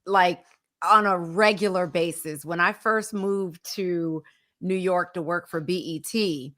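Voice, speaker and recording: Low, bright-voiced woman co-host. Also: steady tone, measured pace. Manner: reflective, recounting past work. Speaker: podcast co-host. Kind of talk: casual conversational chat.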